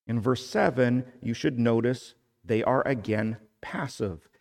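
A man preaching a sermon, deliberate and measured, rising in force when he reads scripture aloud. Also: medium pitch, gravelly. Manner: slow, deliberate preaching with emphatic rises when reading scripture. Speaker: pastor.

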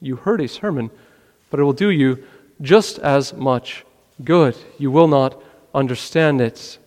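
A man preaching a sermon in an earnest way, asking questions and often dropping his voice low. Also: unhurried, in a large hall. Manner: earnest, rhetorical questions, drops to a quiet voice. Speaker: pastor.

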